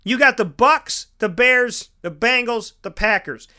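Speaking a little slowly in an extremely high, smooth but sharp voice, a man hosts a sports show. He delivers football opinions as an emphatic rant, repeating lines to drive them home.

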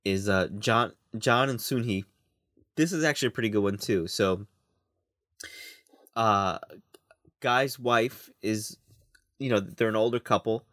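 Guy hosting a podcast, kinda low voice, hesitant, dry close sound. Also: a little slow, pauses often, a bit bright, no echo. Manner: hesitant, stumbling over words. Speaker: podcast co-host. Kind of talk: casual podcast show review.

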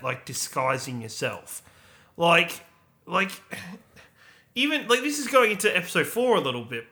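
A man co-hosting a podcast in casual chat, excitable and jokey, riffing in a mocking tone. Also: high-pitched. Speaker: podcast co-host.

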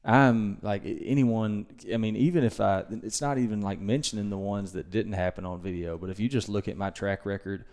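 A young man with a low, smooth, resonant voice tells a story on a casual podcast. He rambles and corrects himself as he goes, and he speaks with animated energy. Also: fairly quick, few pauses. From Mississippi, USA. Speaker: podcast host.

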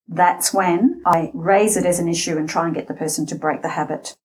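She's a voice and interview coach from Australia, middle-aged, with a voice on the low side and a slight scratchiness. Deliberately walking through speech habits in an instructional talk, she changes pace and loudness to emphasize ideas.

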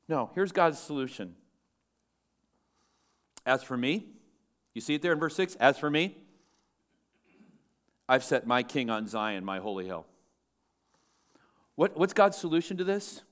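A male pastor preaching a sermon with lively swings between loud, emphatic lines and hushed, low asides. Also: measured pace, pauses often.

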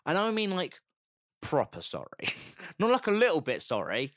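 Lively joking young man. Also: a little high, normal speed. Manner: lively, jokey, slips into silly voices. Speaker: podcast co-host. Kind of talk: casual storytelling chat.

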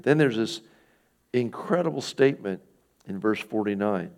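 A man's voice: fairly low pitch, lively intonation, moderate pace, darkish tone. A middle-aged man preaching a sermon in a conversational way, asking his listeners questions and acting out the people in the passage. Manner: conversational, asks the listeners questions, acts out quoted speakers. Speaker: pastor.

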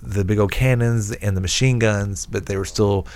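A man's voice: fairly low pitch, steady tone, moderate pace, a little mellow. A man hosting a casual podcast chat, rambling and stumbling over his words. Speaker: podcast host.

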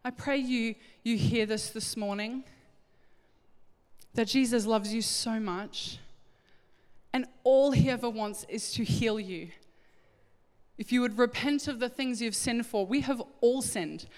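A middle-aged woman preaching a sermon, animated and acting out little scenes in different voices. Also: a little high, a little slow. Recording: echoey hall with long reverb.

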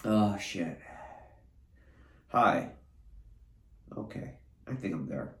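Deep, creaky, and extremely slow yet animated, the man's voice reverberates as he records his own treatment session for his podcast. Drugged and disoriented, he drifts through profane, disjointed rambling, swinging from low mumbles to cries of anguish.

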